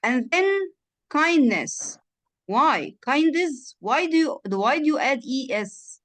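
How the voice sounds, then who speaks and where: A woman's voice: high-pitched, sing-song, slow. A woman, a native Arabic speaker, tutoring in English over a video call, patiently drilling words and checking the student understood. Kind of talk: one-on-one online lesson.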